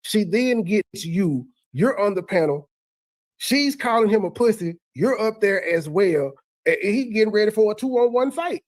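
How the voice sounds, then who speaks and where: A man's voice: high-pitched, lively intonation, unhurried, darkish tone. A man with a slightly raised voice talks through a heated online panel, stumbling and restarting as he argues each point. The sound is dry and close, with no room echo. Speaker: host recapping a livestream. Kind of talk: casual commentary.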